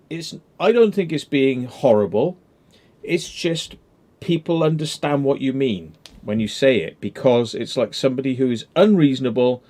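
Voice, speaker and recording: A man's voice: medium pitch, dark tone. Rambling man hosting a casual chat. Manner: rambling, joking, swears casually. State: drinking beer. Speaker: host.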